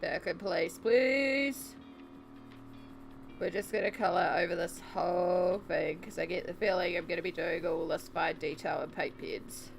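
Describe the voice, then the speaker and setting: A woman's voice: on the low side, unhurried, creaky, soft background music. A woman streamer chatting casually with her viewers while colouring, giggly and self-deprecating. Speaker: art streamer.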